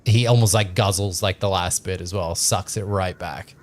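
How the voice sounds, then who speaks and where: A man narrating as game master, halting with many fillers. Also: deep voice, fairly even intonation, a little hiss or hum. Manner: halting, filler-heavy, laughing.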